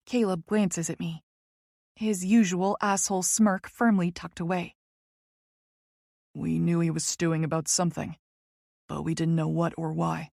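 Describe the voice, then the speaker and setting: A woman's voice: on the low side, flat delivery, a little slow, creaky, pauses often, a little mellow, no room sound, studio quality. A woman narrating a first-person romance audiobook in a wry, conversational way.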